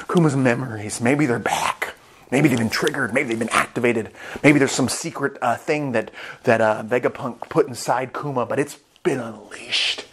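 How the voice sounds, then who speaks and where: A man reviewing a comic chapter in casual vlog commentary, rambling and excitable, swearing freely. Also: medium pitch. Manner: rambling, excitable, with profanity and restarts.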